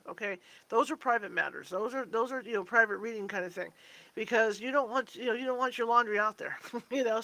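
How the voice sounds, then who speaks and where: Woman host, bright tense voice, dry close sound, casual live-stream chat with fillers. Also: fairly high pitch, dry recording, poor audio. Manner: quick asides with fillers. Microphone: webcam on a video call.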